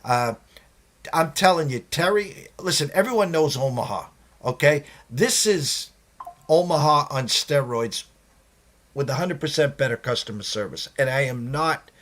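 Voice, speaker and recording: Boston man, show host, chatty and upbeat, voice sits a bit high. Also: animated, unhurried, a bit bright. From Massachusetts. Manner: chatty, self-deprecating, enthusiastic. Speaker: sports betting show host. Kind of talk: casual live show talk.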